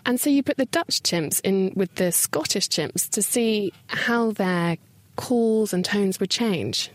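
A woman's voice: medium pitch, takes it slowly, no echo. A woman reporter narrating a scripted science report in a playful way.

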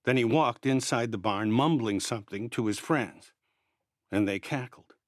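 A man narrating a first-person story in a measured, quietly tense way. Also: mid-range voice, dry recording, clean studio sound.

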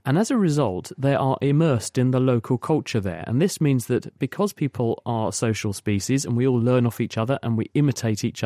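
A man's voice: medium pitch, dark tone, dry recording, clean studio sound. A man explaining science on a radio call-in show, patiently and at length. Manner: explains patiently in long spoken sentences with restarts. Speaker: science expert guest.

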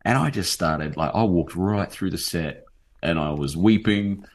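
An Australian man in his forties, talking in an animated, rambling way with many fillers as a guest in a casual interview. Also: deep voice, unhurried. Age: 40s. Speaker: novelist guest.

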